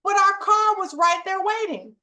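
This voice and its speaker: A middle-aged woman hosts her own channel, telling a story to viewers in an emphatic, animated, conversational style to drive home a preachy point. Her voice is extremely high-pitched and moves at a normal speed.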